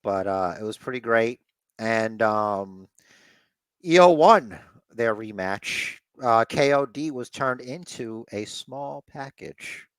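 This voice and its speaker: A man's voice: mid-range voice, clear, resonant tone, no echo. A man co-hosting a laid-back wrestling podcast, talking through the week's shows with lots of "uh" and "you know". He has an ordinary mid-range voice, recorded close and dry with no room sound. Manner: acts out wrestlers' lines in quick, animated put-on voices. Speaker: podcast co-host. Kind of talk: casual wrestling recap chat.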